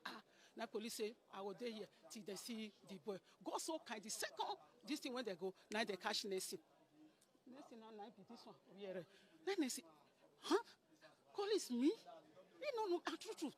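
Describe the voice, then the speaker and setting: A middle-aged woman with a Nigerian Pidgin English accent, giving an emotional account to a reporter, often calling her listener "my sister". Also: fairly high pitch. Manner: pleading, repeats phrases, addresses listener as sister. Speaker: interviewee, landlady caretaker.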